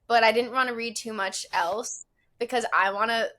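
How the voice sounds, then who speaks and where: A woman's voice: on the high side, fairly even intonation, moderate pace, fairly bright tone. Earnest actress guest, a woman. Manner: thoughtful, earnest, speaks in long reflective sentences. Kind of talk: casual podcast interview.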